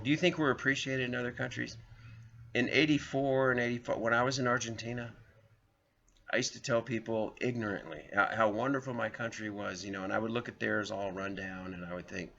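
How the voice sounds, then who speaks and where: Gravelly guy rambling through stories to his viewers, kinda dull lo-fi audio. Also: on the low side, a little fast, pushed and bright. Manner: rambling, anecdotal, addresses viewers as folks. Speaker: vlogger, show host. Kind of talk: casual storytelling monologue.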